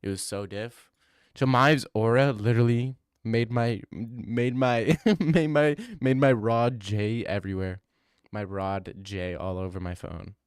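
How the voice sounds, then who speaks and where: A man's voice: mid-range voice, fairly even intonation, measured pace, smooth, dry recording, clean studio sound. A young man streaming, reading chat aloud and reacting in casual, slangy talk, often saying bro. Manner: laughing, slangy, says bro a lot.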